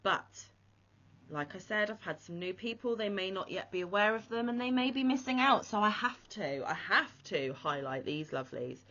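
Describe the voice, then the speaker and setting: A woman's voice: medium pitch, animated, moderate pace, pushed and bright. A woman hosting a crochet vlog, talking casually and with heartfelt, emotional praise. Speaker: crochet channel host. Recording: slightly muffled lo-fi audio.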